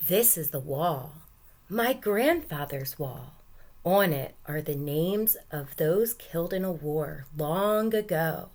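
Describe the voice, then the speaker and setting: A woman teacher reading a picture book aloud to young children, gentle and encouraging, stopping to ask questions. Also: deep voice, animated, takes it slowly.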